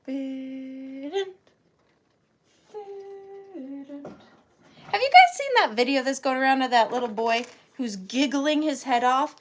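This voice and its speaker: A woman's voice: high-pitched, big pitch swings, brisk, few pauses. A woman running a live vintage auction, chatting playfully and counting down bids. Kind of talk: casual live sale chat.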